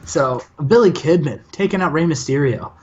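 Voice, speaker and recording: Young male gaming host, casual rambling commentary, lots of fillers, fairly high voice, dull lo-fi sound. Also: lively intonation, moderate pace, darkish tone, slightly rough. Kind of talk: casual let's-play commentary.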